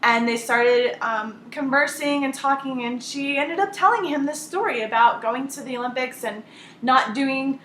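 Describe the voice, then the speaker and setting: A woman retelling a story on a team call, talking in an animated way and acting out the voices of the people in it. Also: high-pitched, moderate pace, roomy sound, a little hiss or hum.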